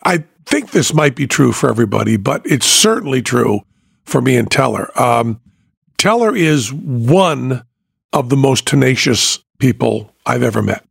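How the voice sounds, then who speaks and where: A man co-hosting a podcast, chatting casually and telling animated stories with frequent laughter. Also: medium pitch, unhurried, creaky, breathy edge, dry recording, studio quality. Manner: animated storyteller, laughs often. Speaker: podcast co-host.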